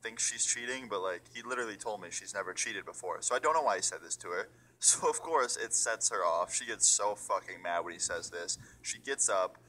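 A man's voice: lowish voice, brisk, few pauses, bright, forceful tone. A young man telling a storytime vlog in a chatty, swearing way, acting out what people said. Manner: chatty, swearing, acts out quotes. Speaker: storytime YouTuber.

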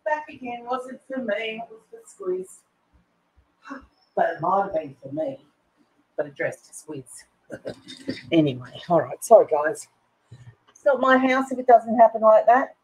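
A woman's voice: fairly high pitch, big pitch swings, a little slow, long pauses, darkish tone, breathy edge, rough recording. A woman chatting casually to viewers and herself while she works on a craft project. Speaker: craft video host.

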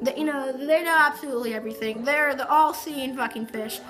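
A woman giving foul-mouthed, mocking commentary over gameplay and breaking into yells. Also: high voice, brisk. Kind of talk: profane ranting game commentary. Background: game music.

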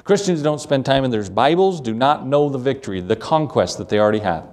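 A pastor preaching a sermon, reading scripture aloud and asking the congregation rhetorical questions. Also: male voice, medium pitch, lively intonation, fast talker, a little mellow. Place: church sanctuary. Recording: echoey church hall, mic from a distance.

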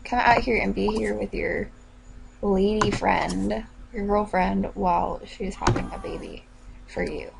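A woman's voice: mid-range voice, fairly even intonation, unhurried, gravelly, noisy background. A woman hosting a let's play video, chatting casually to viewers and coaxing her game characters along. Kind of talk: casual gameplay commentary.

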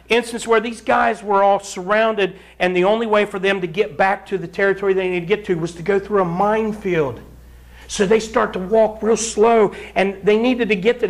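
A man preaching a verse-by-verse Bible sermon, urging his listeners to read along and telling animated stories with frequent chuckles. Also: sits high. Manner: animated storyteller, acts out scenes and chuckles often; addresses the congregation directly, urging them to read along. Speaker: pastor.

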